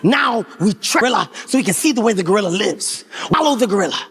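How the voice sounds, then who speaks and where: Male comic in his forties, very high voice, loud animated storytelling on stage, faint hiss behind. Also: fast talker, few pauses. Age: 40s. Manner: animated, profane, often shouting and laughing. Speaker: stand-up comedian. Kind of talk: stand-up storytelling. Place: live comedy stage before a crowd.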